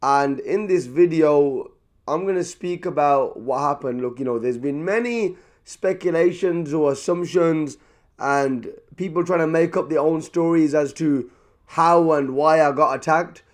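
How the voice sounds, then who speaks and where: A young man talking casually to camera as he eats at a table. He is lively and chatty, repeats himself, and goes quieter once he starts eating. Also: fairly high pitch, a little slow. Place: indoors at a table.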